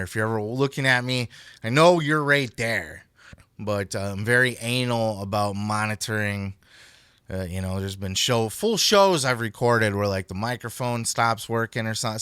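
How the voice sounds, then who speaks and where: Forceful, foul-mouthed male podcast host. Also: mid-range voice, smooth, no echo, studio quality. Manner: profane, rambling, animated. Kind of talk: casual chat.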